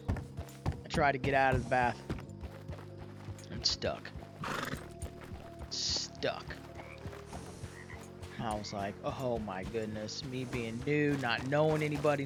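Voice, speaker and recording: A young man casually telling a roleplay story in a folksy, rambling way with many fillers and restarts. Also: medium pitch.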